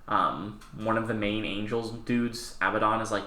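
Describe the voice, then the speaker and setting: A young man co-hosting a casual podcast, talking in an animated way, swearing and slipping into quick quoted voices. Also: lowish voice, echoey room. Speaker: podcast co-host. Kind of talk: casual chat.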